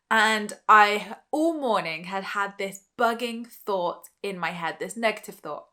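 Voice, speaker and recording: Bright, emphatic woman teacher. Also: medium pitch. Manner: earnest, emphatic, repeats phrases for stress. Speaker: law of attraction teacher. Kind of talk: direct-to-camera teaching talk.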